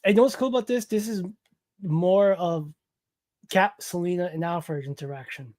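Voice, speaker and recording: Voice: medium pitch, moderate pace, a little mellow, no room sound. A co-host in a casual comic chat who jumps in with jokes. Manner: joking, interjecting.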